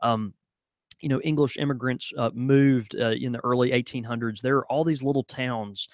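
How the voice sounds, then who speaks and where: A man from the American South chats easily on a podcast, his voice sitting at a middle pitch. He laughs readily, and a close mic in a dry room keeps his voice clear. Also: steady tone, moderate pace, no room sound. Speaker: podcast co-host. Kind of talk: casual chat.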